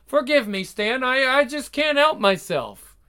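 A woman's voice: on the low side, lively intonation, normal speed, a bit bright. An actress playing a devoted young wife who narrates her story in earnest, emotional 1940s radio acting. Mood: distraught.

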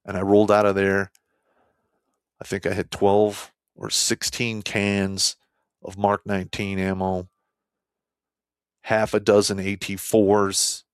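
A man's voice: clean tone, no echo. Blunt, profane man with a dry close sound. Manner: animated, swings between loud outbursts and low asides. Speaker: army veteran telling a war story. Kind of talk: casual storytelling.

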